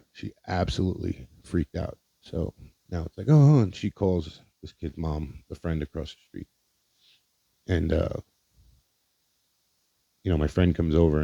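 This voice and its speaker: A man with a very low, dark voice tells a personal story for his podcast, blunt and heavy with swearing. He often stumbles and repeats words as he goes. The recording is dull and dry, with no room sound. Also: gravelly, no room sound. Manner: candid, profane, halting with repeated words. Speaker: podcast host.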